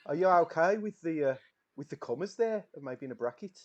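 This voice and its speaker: A man's voice: a little high, animated, a little fast, muffled recording. A man running and narrating an improvised comedy role-play game, chatty and laughing easily.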